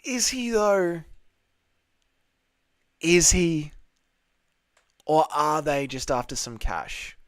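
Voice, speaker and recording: Young male livestream host, blunt and crude banter, smooth fairly high voice, dry close mic. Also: very animated, very slow, pauses often, dry recording. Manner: blunt, crude banter, reads chat aloud. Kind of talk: casual livestream chat.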